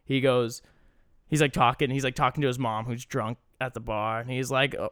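Young man, podcast co-host, casual enthusiastic chat, swears freely, smooth clear voice. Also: mid-range voice, fairly quick, no echo, clean studio sound.

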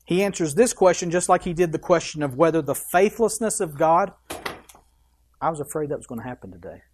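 An emphatic preacher working through scripture, reading the verses aloud and then pressing the point home. The delivery is punchy, with quick offhand asides that break into the reading. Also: medium pitch, lively intonation, slight background noise. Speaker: pastor. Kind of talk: sermon.

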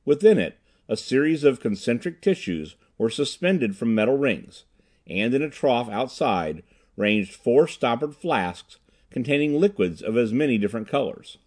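A man reading a classic adventure story aloud in a measured, unhurried storytelling manner. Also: medium pitch, sing-song, darkish tone. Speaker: audiobook narrator. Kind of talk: scripted narration.

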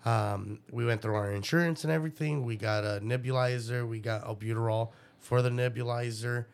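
Creaky-voiced young dad, profane. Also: male voice, mid-range voice, a little fast. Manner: profane, animated, acts out his own past dialogue. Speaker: guest, young father. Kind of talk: casual storytelling interview.

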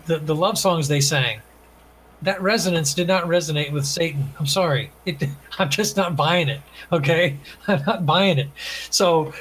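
A man's voice: on the high side, slight background noise, rough recording. A man, an author and guest, talking earnestly and emphatically in a casual conversation.

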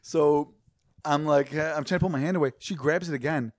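A man's voice: on the high side, brisk, dry recording, studio quality. A young man, a podcast co-host, telling a rambling, profane story in casual chat.

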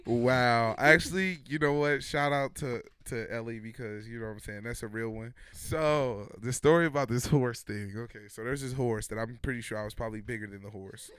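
Young man, smooth clear voice, animated casual storyteller. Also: medium pitch, brisk, hardly any pauses, dry recording, clean studio sound. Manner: animated, laughing, acting out quotes.

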